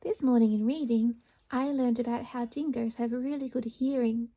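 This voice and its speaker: A woman teaching a phonics lesson to young children, slowly sounding out words syllable by syllable. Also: a little high, steady tone. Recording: dull lo-fi recording.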